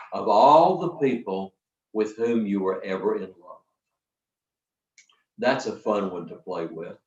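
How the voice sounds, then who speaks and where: An older man leading a storytelling workshop, talking to a live audience in a folksy, lively way with dramatic pauses. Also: on the low side. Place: workshop hall. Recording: roomy, distant, dull sound from the back of a hall.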